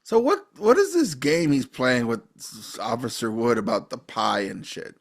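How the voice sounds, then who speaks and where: Gravelly man with wry asides. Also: medium pitch, sing-song, moderate pace. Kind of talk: casual movie chat.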